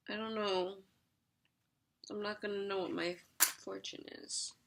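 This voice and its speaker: A woman's voice: medium pitch, lively intonation, measured pace, a bit bright, a little hiss or hum. A young woman vlogging an unboxing in a chatty, giggly way, sometimes talking while she eats. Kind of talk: casual unboxing chat.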